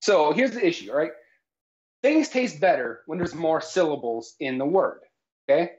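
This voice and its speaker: A man's voice: on the high side, animated, normal speed, darkish tone. Guy cohosting a silly cooking stream, talks like a know-it-all teacher, kinda muffled lo-fi sound. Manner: mock-authoritative, keeps tagging lines with "all right?". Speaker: cooking show co-host. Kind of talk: jokey live cooking stream chat. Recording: slightly dull lo-fi stream audio.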